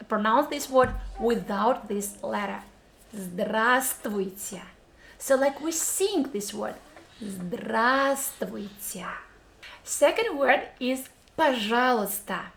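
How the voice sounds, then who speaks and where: A woman with a Russian accent teaching a pronunciation lesson, upbeat and slowing down to drill words syllable by syllable. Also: on the high side.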